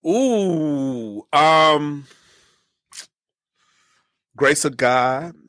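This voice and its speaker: A man's voice: fairly high pitch, expressive, drawn-out words, no echo, studio quality. Laughing man guest on a podcast. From Michigan. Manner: warm, laughing, stammers and restarts. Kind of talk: casual interview chat.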